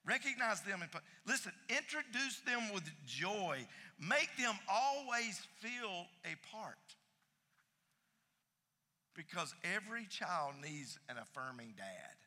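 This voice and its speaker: A man preaching a sermon, emphatic, repeating key phrases and swinging between loud and soft. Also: high-pitched, big pitch swings, slow pace, in a large hall. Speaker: pastor.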